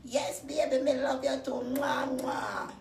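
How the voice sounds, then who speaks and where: A woman's voice: sits high, slow, creaky, slight background noise, voice pushed up, exaggerated voice. Woman putting on a sugary fawning mother-in-law. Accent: Jamaican. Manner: sugary, flattering, cooing. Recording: roomy echo, distant from the mic.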